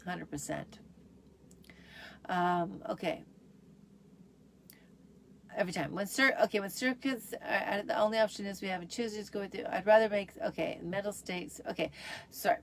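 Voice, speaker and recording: A woman's voice: mid-range voice, moderate pace, gravelly, long pauses, a little hiss or hum. A middle-aged woman hosting her own show, talking in an upbeat, chatty way with lots of fillers. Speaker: host. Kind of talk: casual solo show.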